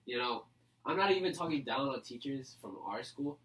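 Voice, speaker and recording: A young man co-hosting a casual podcast, relaxed and agreeable, chiming in with questions. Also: mid-range voice, moderate pace, recorded from a distance, poor audio. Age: young adult. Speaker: podcast co-host. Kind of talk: casual chat.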